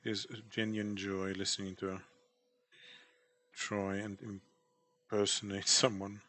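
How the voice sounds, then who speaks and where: Slow, low-voiced man rambling while drawing. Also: monotone, a bit bright. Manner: rambling, self-deprecating. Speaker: artist streamer. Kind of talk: casual chat while drawing.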